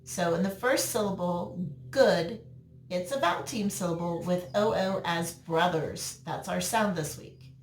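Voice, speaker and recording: A woman teacher giving a recorded phonics lesson to young children, slow and patient, drawing out words for them. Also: lowish voice, soft background music. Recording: roomy echo, mic at a distance.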